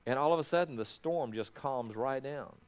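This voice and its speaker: A man's voice: mid-range voice, normal speed, darkish tone, clean tone. A middle-aged man, a pastor, preaching a sermon in a conversational way, often restarting his words.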